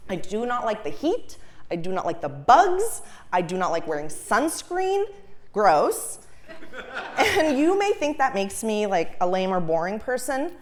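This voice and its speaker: A young woman from Los Angeles performing a stand-up comedy set, animated, laughing at her own jokes and shrieking her punchlines. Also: medium pitch. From Los Angeles, USA. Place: comedy stage before a live audience.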